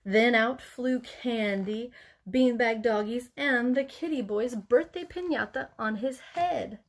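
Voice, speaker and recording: A woman teacher reading a children's picture book aloud. She reads in an expressive, playful way with a fairly high voice. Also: slow pace. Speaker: elementary school teacher.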